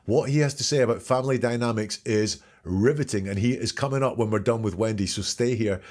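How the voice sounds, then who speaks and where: A man's voice: medium pitch, a little fast, a little mellow. A man hosting a podcast, analyzing courtroom testimony in an emphatic commentary style and asking rhetorical questions. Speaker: podcast host.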